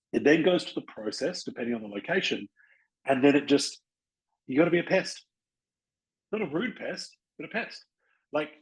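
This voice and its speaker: A man's voice: a little high, low-quality recording. Blunt, chatty Australian man coaching. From Western Australia. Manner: blunt, chatty, acts out little dialogues with people. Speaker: podcast host and chiropractic practice coach. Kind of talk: casual coaching talk.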